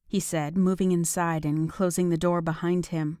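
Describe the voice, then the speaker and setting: This is scripted narration of a romance audiobook by a woman whose pitch runs low. Her reading is steady and measured, captured in a clean studio with no audible room.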